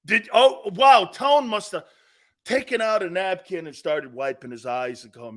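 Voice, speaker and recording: A man's voice: sits high, measured pace, fairly bright tone. A man hosting a sports talk show, ranting bluntly and combatively, mocking other people's views with imitations. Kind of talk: opinionated sports radio rant.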